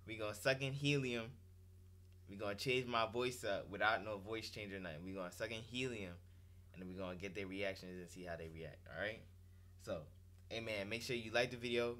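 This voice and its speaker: Hyped young man with a bright voice. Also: fairly low pitch. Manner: hyped, slangy, profane. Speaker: gaming YouTuber. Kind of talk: energetic vlog intro.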